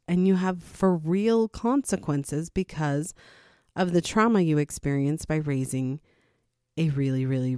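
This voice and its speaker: A middle-aged woman speaks candidly about parenting in a slightly low voice. She acts out quotes in sudden higher tones and sometimes laughs between points. The sound is close and dry, with no room around it. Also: darkish tone, dry recording. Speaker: parent sharing her experience. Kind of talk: casual personal talk to viewers.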